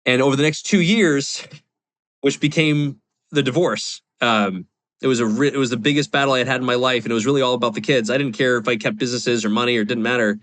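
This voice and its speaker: A man in his forties shares a personal story as a podcast guest. He rambles candidly, with plenty of fillers and restarts, at an ordinary pitch. The sound is dry and close. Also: quick pace, a bit bright, no echo. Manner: rambling, confessional, lots of fillers. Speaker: podcast guest, real estate investor.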